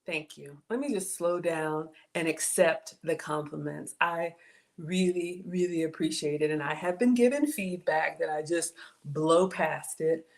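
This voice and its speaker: A woman's voice: low-pitched, measured pace. Chatty Southern woman streaming a cooking session. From Southern United States. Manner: chatty, thanks viewers often, trails off and restarts. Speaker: livestream cooking host. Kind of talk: casual livestream chat.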